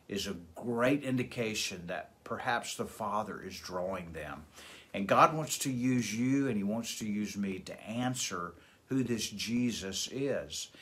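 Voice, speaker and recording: A pastor reading a scripture passage and explaining it verse by verse, in a measured way with fillers and restarts. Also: male voice, fairly low pitch, a bit bright. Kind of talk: devotional Bible teaching.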